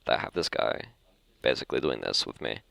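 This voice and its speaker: Young Australian guy, low voice, dry close sound, chatty podcast host who keeps restarting his sentences. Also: lively intonation, a little fast, creaky, fairly bright tone, no echo. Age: young adult. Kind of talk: casual chat. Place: school library.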